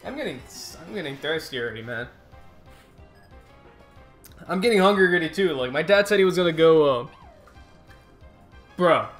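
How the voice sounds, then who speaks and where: A man giving casual, rambling gameplay commentary as host of his gaming channel, excitable and quick to groan and swear at the game. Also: a little high, soft background music.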